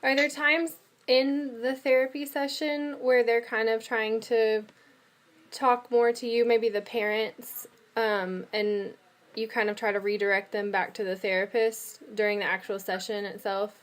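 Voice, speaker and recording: A woman's voice: a little high, fairly even intonation, measured pace. Woman asking tentative interview questions. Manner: tentative, rephrases with "like" and "kind of".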